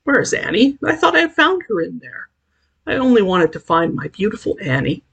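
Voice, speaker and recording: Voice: medium pitch, very animated, brisk, vocal fry, fairly bright tone, breathy edge, dull audio, pitched above the performer's own voice, heavily acted. A reader voicing a heartbroken, gaunt old man who wistfully searches for his lost love, speaking in a raised, pleading tone. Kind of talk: audiobook character voice.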